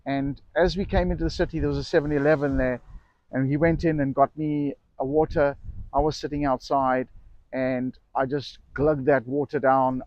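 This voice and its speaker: A man's voice: mid-range voice, a little mellow, no room sound, highs cut off. A middle-aged man who runs an e-bike shop, telling a personal story casually to camera, rambling and correcting himself as he goes. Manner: rambling, self-correcting anecdote with acted quotes.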